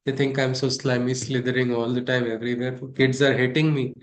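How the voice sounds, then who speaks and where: A man's voice: medium pitch, level tone, fairly quick, natural voice. A man telling of an aggrieved snake. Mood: hurt. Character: hurt, indignant male snake from a fable. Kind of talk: retelling a fable in a class.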